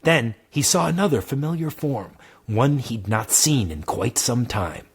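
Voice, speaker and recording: A man's voice: mid-range voice, animated, measured pace, husky. A man reading his own comedic fantasy story aloud, casual and joking as he narrates. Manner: laughs through his own jokes, casual asides.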